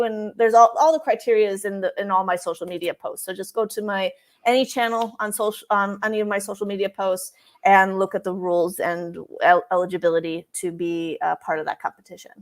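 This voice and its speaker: A woman guest in a relaxed interview, speaking at a middling pitch. She talks chattily, often restarting sentences and leaning on filler words as she explains. Her delivery sounds unscripted and conversational. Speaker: guest, career coach for expats. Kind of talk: casual interview talk.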